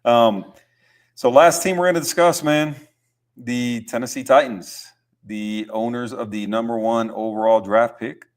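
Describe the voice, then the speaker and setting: A young man hosting a podcast, talking football in a relaxed, rambling way with lots of fillers and easy laughs. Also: mid-range voice, unhurried. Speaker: podcast host. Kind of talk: casual sports chat.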